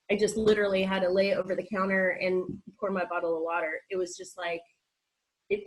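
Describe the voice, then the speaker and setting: A guest speaker on a virtual meeting gives a candid personal account, including lines of quoted dialogue. She has a mid-range voice, stuffed-up and nasal, runs short of breath, and is captured on a low-quality recording.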